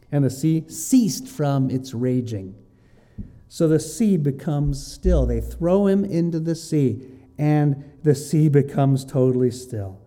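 Bright-voiced man teaching from the Bible. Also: on the high side. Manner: reads scripture aloud, then explains it with lively asides.

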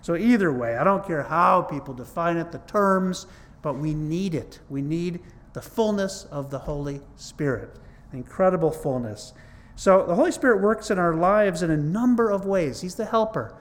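A man preaching a sermon in a conversational but emphatic way, teaching from scripture and stressing points with rises in his voice. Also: on the high side. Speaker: pastor.

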